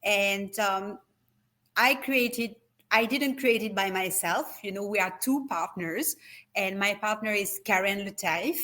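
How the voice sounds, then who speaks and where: A middle-aged woman with a French accent, CEO of a wellness retreat company, is a guest in a video call interview. She speaks hesitantly with many fillers, in a mid-range, unhurried voice that's bright and forceful.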